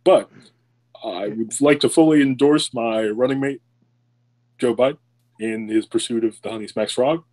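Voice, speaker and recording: A man putting on the deep, slow, self-assured voice of a male statesman, as a comedy impression. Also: a little mellow, lightly acted, poor audio. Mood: mock-solemn.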